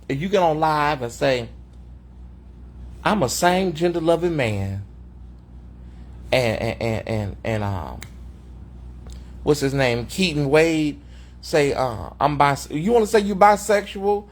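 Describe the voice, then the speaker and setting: A man's voice: on the high side, animated, unhurried, pauses often. A man hosting an unscripted livestream, talking in a sassy, mocking way and calling people honey, from a hotel room. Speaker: host of a livestream commentary show.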